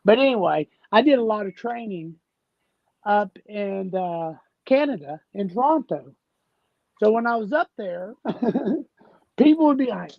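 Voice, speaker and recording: Southern guy from tennessee rambling thru stories, real slow, kinda muffled lo-fi sound. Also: high-pitched, animated, creaky, no room sound. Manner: rambling, folksy storyteller. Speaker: guest. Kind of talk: casual conversation. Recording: dull, dry lo-fi sound.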